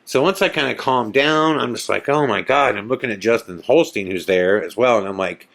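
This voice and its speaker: A man with a fairly low voice tells a story to his podcast listeners in a loose, conversational way, full of "you know" and "man." He keeps slipping into the voices of the people he describes, acting out their lines. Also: a little fast, vocal fry. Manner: animated, acts out the people he quotes. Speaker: podcast host. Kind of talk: casual storytelling.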